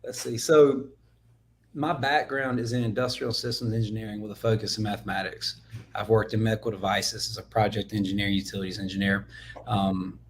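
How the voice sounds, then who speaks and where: A man's voice: fairly low pitch, slight background noise. A young man with a Southern US accent, a podcast guest telling his story in a laid-back way, full of "man" and "like". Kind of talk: casual interview chat.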